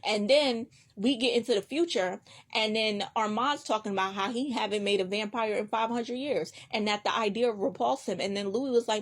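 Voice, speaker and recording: A woman with a slightly high voice recaps an episode for her reaction vlog. She talks bluntly and casually, swearing freely and throwing in animated asides as she goes. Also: normal speed. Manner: blunt, heavily profane, animated retelling. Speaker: reaction vlogger.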